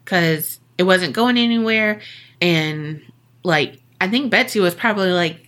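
A woman's voice: lowish voice, measured pace, a bit bright. A woman hosting a podcast, telling a story in a casual, joking way with swearing and lots of fillers. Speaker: podcast host.

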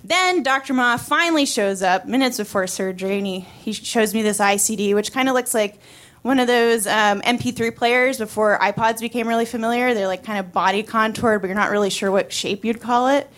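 A woman's voice: a little high, fairly quick, fairly bright tone. Wry, chatty woman telling a story. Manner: casual and wry, many fillers. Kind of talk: live personal storytelling.

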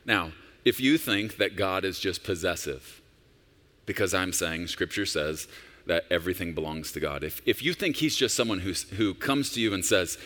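A man's voice: low-pitched, expressive, normal speed, a bit bright. A senior pastor in his forties preaching a sermon in a conversational, personal storytelling manner with emphatic rises. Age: 40s.

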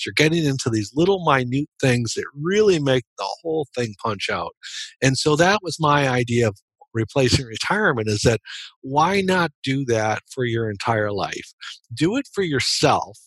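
A man's voice: mid-range voice, big pitch swings, normal speed, a bit bright, slightly rough, dry recording. A middle-aged man, a guest author and business coach, telling a story in a casual interview in an earnest way, with frequent restarts and small laughs.

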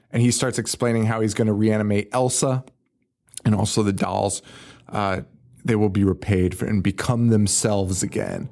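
A young man co-hosting a podcast, casually recapping a movie with lots of swearing, rambling asides and quick imitations of characters. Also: fairly low pitch, gravelly, darkish tone. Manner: profane, rambling, retells scenes with quick put-on quotes. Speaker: podcast co-host.

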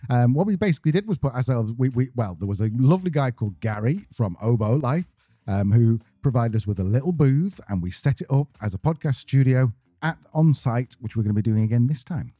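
A man's voice: mid-range voice, lively intonation, fairly quick, warm tone, no echo, clean studio sound. A man co-hosting a podcast, joking bluntly and swearing freely. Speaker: podcast co-host. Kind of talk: casual podcast chat.

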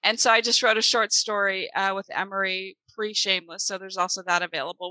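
A woman's voice: medium pitch, flat delivery, fairly quick, pushed and bright, dry recording, low-quality recording. A woman, an author and podcast co-host, chatting casually and laughing often.

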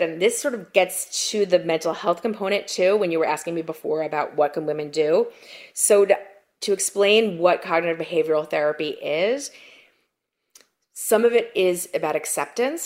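Animated middle-aged woman guest. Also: lowish voice. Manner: animated storyteller, acts out quotes, frequent "like". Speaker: podcast guest. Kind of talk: conversational interview.

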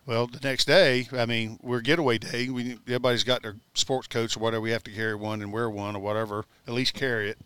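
A man recalls his playing days in a loose, rambling way, often breaking into a laugh. His voice is bright and crisp. The studio sound is dry and close. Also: medium pitch, fairly even intonation, quick pace, few pauses, no room sound. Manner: rambling, laughs while telling anecdotes. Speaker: guest, former pitcher. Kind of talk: casual storytelling. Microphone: studio mic in radio booth.

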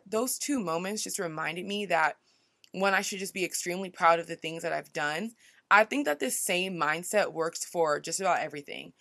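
A young woman talks through her thoughts in a relaxed, chatty solo podcast, leaning on "like" and "you know" as she goes. Her voice sits a little low for a woman. The recording is close and dry, with no room sound around her. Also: no echo. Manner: chatty, self-reflective, lots of "like" and "you know". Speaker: podcast host. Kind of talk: casual solo podcast monologue.

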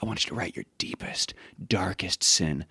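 A man voicing an earnest male youth pastor, talking low and quiet in a breathy near-whisper. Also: normal speed, no room sound, studio quality, exaggerated voice. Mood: hushed intense.

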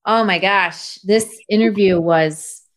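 A woman's voice: medium pitch, slow. A woman hosting an interview podcast, talking casually and praising her guest with enthusiasm. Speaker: podcast host.

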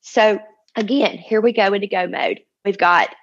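A woman in her forties gives a heartfelt personal testimony about her family, her words spilling out earnestly as she acts out the people she quotes. Her voice is husky, with a gravelly edge. The recording is somewhat dull and lo-fi. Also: medium pitch, normal speed. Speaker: mother sharing a personal testimony.

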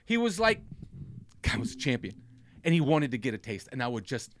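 A man in his thirties speaks briskly in a medium pitch, with a little hiss or hum on the recording. He's a comedy podcast storyteller delivering a long comic anecdote in casual chat, acting out quotes with animation.

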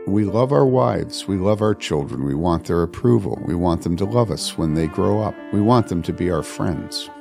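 Gravelly older man telling a story. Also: deep voice, lively intonation, moderate pace, hardly any pauses, over music. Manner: earnest, emphatic storytelling with repetition. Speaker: pastor. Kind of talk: storytelling on a podcast.

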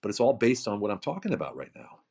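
A man's voice: on the low side, wildly swooping pitch, fast, creaky, dark tone. A middle-aged man giving emphatic motivational podcast talk, full of repetition and rhetorical questions. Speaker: founder of a coaching program, podcast guest.

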